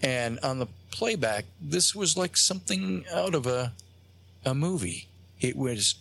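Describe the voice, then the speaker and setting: A man, a guest on a talk show, tells a long story in a halting way, with many fillers and restarts. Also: mid-range voice, animated, fairly bright tone. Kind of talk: casual storytelling on a radio show. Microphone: phone line.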